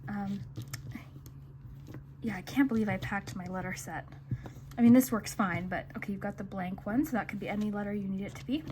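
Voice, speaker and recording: This tarot reader talks to her viewers fairly quickly in a mid-range, slightly mellow voice, pausing often as she gives a casual, intuitive card reading. She's chatty and reassuring, with plenty of fillers, and a little hiss or hum can be heard.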